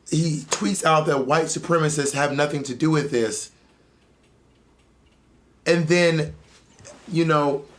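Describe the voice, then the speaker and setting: Impassioned, blunt man with a higher voice. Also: fairly bright tone. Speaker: podcast co-host. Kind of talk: emotional podcast discussion.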